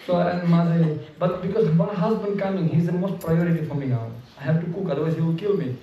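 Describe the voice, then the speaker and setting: A man with giving an animated devotional class, acting out voices as he tells stories and laughing often. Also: fairly high pitch, brisk, muffled recording. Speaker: visiting speaker. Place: home gathering room. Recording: echoey room, mic far off, audience around.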